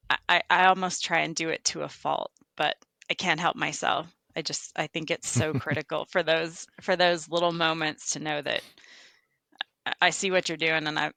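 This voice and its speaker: A woman's voice: deep voice, normal speed, creaky, no room sound. A woman, a construction estimator, talking reflectively in a casual interview and telling workplace stories. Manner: reflective, animated storytelling. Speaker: podcast guest, construction estimator.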